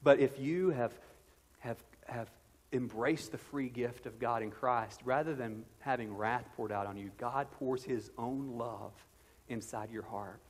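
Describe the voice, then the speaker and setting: A man's voice: medium pitch, slightly rough. A man in his thirties preaching a sermon as pastor, earnest and conversational with playful asides. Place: church sanctuary. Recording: long reverb of a church hall.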